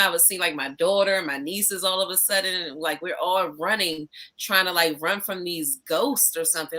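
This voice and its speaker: A woman with a lowish, bright and forceful voice tells her stories in loose podcast chat. She talks in an animated way, laughs easily and swears without a second thought. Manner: animated storytelling, swears freely, laughs often. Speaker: podcast guest, emcee. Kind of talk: casual chat.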